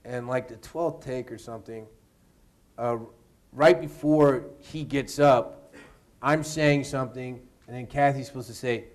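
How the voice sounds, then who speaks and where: A man, an actor, telling a lively anecdote in an interview at a university event, laughing and mimicking the people in it. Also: mid-range voice, measured pace. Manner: animated, laughing storyteller who mimics others.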